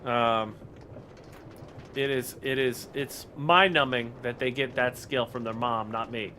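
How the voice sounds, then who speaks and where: A man's voice: medium pitch, fairly even intonation, a little slow, sharp tone, slight background noise. A man casually chatting on a live game stream, greeting viewers by name and rambling with fillers.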